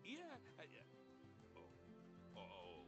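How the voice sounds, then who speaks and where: Chuckling jovial zoo owner. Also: male voice, sits low, huge pitch swings, slow, full character voice. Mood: genial. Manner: chatty, chuckling, folksy. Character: jovial middle-aged male zoo owner. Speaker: tutorial guide character. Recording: game music behind voice.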